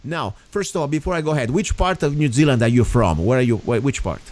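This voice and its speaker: A man's voice: medium pitch, lively intonation, fast talker, darkish tone. A man hosting a radio show, speaking English in an emphatic, rambling way. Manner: emphatic, rambling, non-native phrasing. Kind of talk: casual radio talk.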